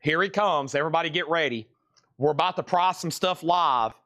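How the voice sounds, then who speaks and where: A man's voice: fairly high pitch, fairly quick, bright, forceful tone, no room sound, studio quality. A man hosting a live sale stream, rambling and talking to himself as he works, a bit out of breath. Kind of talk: casual live-stream chat.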